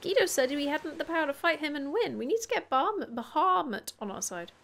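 High-voiced woman playing a game. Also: expressive, fairly quick, fairly bright tone. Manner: chatty, thinks aloud, swears playfully. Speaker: gaming YouTuber. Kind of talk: casual let's-play commentary. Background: game music.

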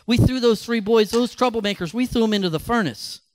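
A man's voice: very high-pitched, fairly quick, darkish tone, voice pushed up. A man voicing a nervous, fawning advisor to a king, eager and groveling.

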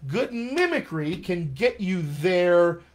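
Brief: male dialect coach on a live stream, keen, emphatic, voice sits a little high. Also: sing-song, slow. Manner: enthusiastic, repeats key words for emphasis. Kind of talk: live-streamed teaching session.

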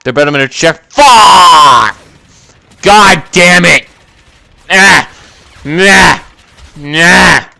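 Young man, gaming commentary, quick temper, constant swearing, high voice, bright tone. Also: vocal fry. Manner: short-tempered, cursing, yelling at the game. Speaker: gameplay commentator. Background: gunfire from the game.

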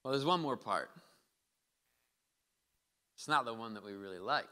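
Bright-voiced man preaching in a reverberant hall. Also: mid-range voice, lively intonation, moderate pace. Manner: impassioned, builds to emphatic peaks, voices quoted speech. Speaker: pastor. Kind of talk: sermon. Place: church hall.

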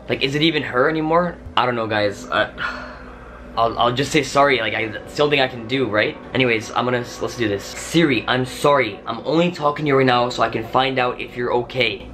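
A man's voice: medium pitch, a bit bright, slight background noise. A young man vlogging to his viewers, panicky and exclaiming often. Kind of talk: casual scared vlog. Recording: music playing underneath.

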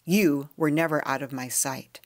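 A woman's voice: low voice, fairly even intonation, moderate pace, no room sound, studio quality, close to an everyday voice. A woman reading aloud and voicing a shocked, distraught mother questioning her daughter over the phone.

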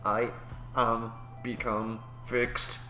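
A man's voice: mid-range voice, flat delivery, pushed and bright, echoey room, soft background music. A man doing a stuttering broken robot. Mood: glitchy. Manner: slow, halting, stuttering.

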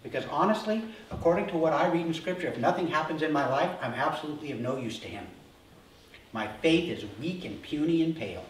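Animated pastor preaching in an echoey church. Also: male voice, fairly high pitch, fast, slight background noise. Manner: animated storytelling, acting out disciples' voices. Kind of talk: sermon. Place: church sanctuary. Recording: roomy hall from a distance.

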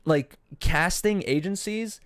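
Casting note: young male podcast co-host, bit high, dry close sound, swears, says bro. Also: takes it slowly, fairly bright tone, no echo. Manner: slangy and profane, says "bro" a lot, many fillers. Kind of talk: casual chat. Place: podcast studio.

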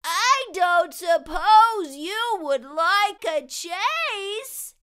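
Sam, a woman doing a slow, squeaky baby sloth. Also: sing-song, bright, forceful tone, exaggerated voice. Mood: cheerful. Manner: slow, sweet, childlike. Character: small cheerful young male sloth. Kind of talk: children's storybook read-aloud.

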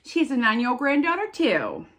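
A woman in her fifties chatting excitedly as a vlogger opening viewer mail, sounding stuffed up from sinus trouble. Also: sits high, a little fast. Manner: bubbly, gushing, chatty. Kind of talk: casual chat.

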